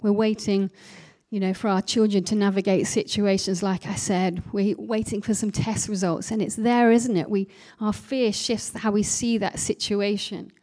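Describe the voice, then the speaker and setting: Mellow-voiced woman preaching a sermon. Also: mid-range voice, little pitch movement, normal speed. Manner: conversational, reflective, with rhetorical questions.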